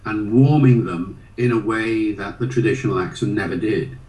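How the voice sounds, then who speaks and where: A man's voice: on the low side, moderate pace, darkish tone. An older man giving an interview, telling anecdotes with frequent hesitations and fillers. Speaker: guest, linguist. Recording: roomy sound from a distant mic.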